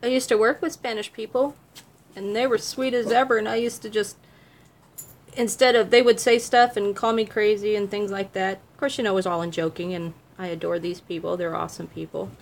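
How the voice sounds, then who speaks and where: A woman's voice: medium pitch, steady tone, a little fast. A woman making jewelry at home, chatting casually with viewers as she works and answering their questions. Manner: chatty, laughs easily, talks to viewers by name. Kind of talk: casual livestream chat while crafting. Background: dog barking.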